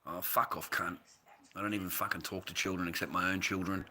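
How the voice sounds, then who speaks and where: A man's voice: sits low, flat delivery, brisk, sharp tone. A man with an Australian accent who grew up in the United States, chatting on a livestream and answering viewers in a profane, combative way. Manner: profane, combative, swears constantly.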